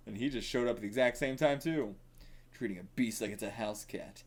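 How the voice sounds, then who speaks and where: A man giving casual reaction commentary while reading manga, excitable and thinking aloud, with frequent swearing. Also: lowish voice, moderate pace.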